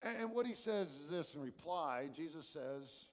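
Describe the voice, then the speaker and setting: An earnest male pastor delivers a sermon, pressing hard on some words and dropping to a hush on others. His voice sits high for a man. The sound carries a long reverb, as if from a large sanctuary. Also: lively intonation, moderate pace, few pauses. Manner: earnest, emphatic preaching with dramatic shifts in loudness. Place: church sanctuary.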